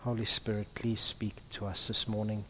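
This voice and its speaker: A man's voice: lowish voice, moderate pace, slight background noise. Man preaching in an echoing hall. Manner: hushed in prayer, then lively and emphatic preaching. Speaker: pastor. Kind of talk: prayer and sermon. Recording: long reverb of a large hall.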